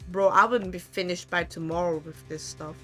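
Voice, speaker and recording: A woman's voice: on the low side, steady tone, moderate pace, fairly bright tone, faint music behind. A woman streamer giving playful, giggly commentary while playing a game. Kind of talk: let's-play commentary.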